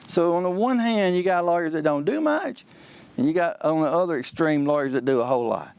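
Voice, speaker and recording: A trial lawyer talks listeners through courtroom practice in a folksy, lively manner. His voice sits a little high for a man. The sound is dry and close, with no room around it. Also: brisk, gravelly, clear, resonant tone, no room sound. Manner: folksy, animated, acts out courtroom exchanges. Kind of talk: explaining on a call-in advice show.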